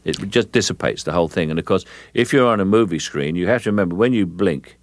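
A man being interviewed as an actor guest, explaining his craft in a measured way with frequent restarts. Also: low voice, no echo. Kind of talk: interview answers.

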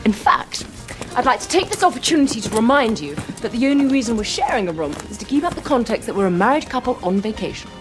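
An actress playing a prim, stern young female spy who speaks crisply in a film scene. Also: a little high, animated, quick pace, over music, close to an everyday voice.

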